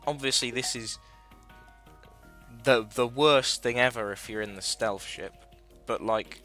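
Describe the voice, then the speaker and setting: Guy with a really bright tense voice, rambly sweary game commentary, quiet music behind. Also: medium pitch, measured pace. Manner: rambling, chatty, sweary, self-correcting. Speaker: gaming video host. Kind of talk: casual gameplay commentary.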